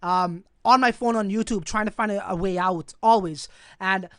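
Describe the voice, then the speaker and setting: A young man from Canada hosting a crypto livestream, telling a story in a profane, animated way and talking straight to his viewers. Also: high voice, moderate pace, dry recording. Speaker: crypto channel host.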